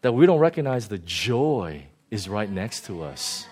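A male pastor giving a conversational sermon, animated and often chuckling. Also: on the low side, unhurried, breathy edge.

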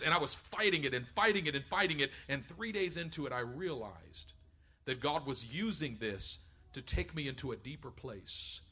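Middle-aged male pastor, husky and high-pitched, animated sermon delivery. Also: normal speed. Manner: animated preaching, acts out voices in stories.

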